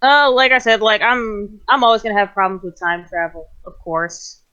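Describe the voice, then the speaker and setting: A woman's voice: mid-range voice, moderate pace, pushed and bright, clear, resonant tone. Woman, podcast co-host, blunt, nitpicky, mid-range voice, muffled lo-fi mic. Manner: blunt, self-described nitpicker, swears casually. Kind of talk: casual movie review chat. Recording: slightly dull lo-fi mic.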